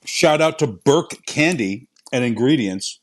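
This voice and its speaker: A man co-hosting a podcast in casual chat, throwing in wisecracks and dry jabs. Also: medium pitch. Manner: wisecracking, quick with deadpan jabs. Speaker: podcast co-host.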